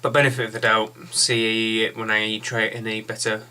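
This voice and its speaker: A man's voice: lowish voice, monotone, a little fast, sharp tone. Blunt man reviewing beer. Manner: blunt, opinionated, rambling.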